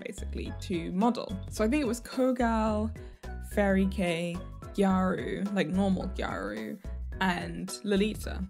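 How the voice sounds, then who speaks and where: A woman's voice: mid-range voice, vocal fry, darkish tone. A woman vlogger chatting casually, giggling often as she talks. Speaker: fashion vlogger. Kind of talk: casual chat.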